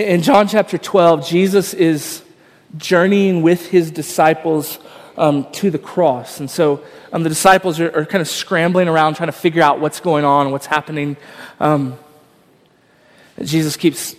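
A man preaching a sermon, telling stories in a relaxed, self-deprecating way with plenty of ums and uhs. His voice sits a little high for a man. The sound carries a long reverb from a large church hall. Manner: conversational, self-deprecating storytelling with many fillers. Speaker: pastor.

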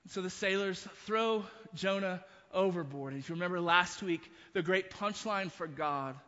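A man's voice: high voice, moderate pace, sharp tone, long reverb tail, muffled recording. A man preaching a sermon, retelling a story with frequent restarts and asides. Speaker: pastor.

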